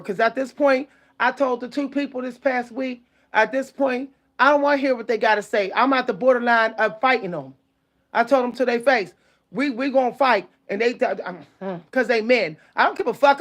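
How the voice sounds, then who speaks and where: A woman's voice: on the high side, normal speed. A woman hosting her own channel, venting angrily to her viewers in a profane, emphatic rant. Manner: profane, heated, emphatic storytelling. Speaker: channel host. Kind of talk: angry venting monologue to viewers.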